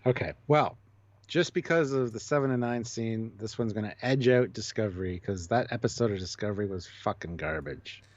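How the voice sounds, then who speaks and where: A man co-hosting a casual live-stream chat, blunt and quick to swear, reading viewer comments aloud. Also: on the low side, no room sound, highs cut off. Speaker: co-host.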